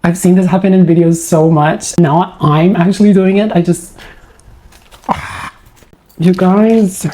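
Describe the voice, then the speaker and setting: A woman vlogging an unboxing, gushing and awestruck, shaky with excitement and keeps losing her words. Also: on the low side, a little slow, long pauses, slight background noise.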